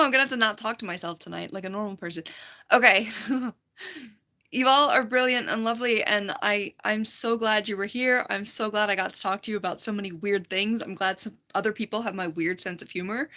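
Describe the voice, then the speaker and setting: A woman with a mid-range, sharp voice streams casually from home as a falconer, her voice tired and lightly fried. Using a computer mic, she giggles a lot, rambles and reads the chat aloud to her viewers.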